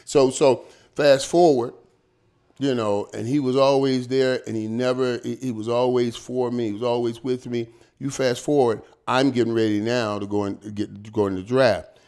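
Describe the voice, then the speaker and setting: A middle-aged ex-pro football player, guesting on an interview, tells stories in easygoing, animated fashion, often repeating words and slipping in "man" and "dog." His voice is smooth and medium-pitched, at a normal speed.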